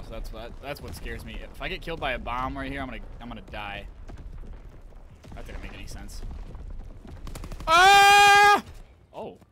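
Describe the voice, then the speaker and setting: Young man, live gameplay commentary, excitable, bright tone, faint game gunfire behind. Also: mid-range voice, a little hiss or hum. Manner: excitable, talks to viewers, trash-talks while playing. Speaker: gaming channel host.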